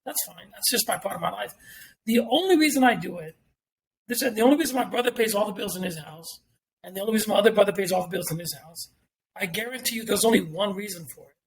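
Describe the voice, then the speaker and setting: Fast-talking high-voiced man, blunt. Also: vocal fry. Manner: blunt and profane, repeats points for emphasis. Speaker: guest. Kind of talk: casual podcast talk.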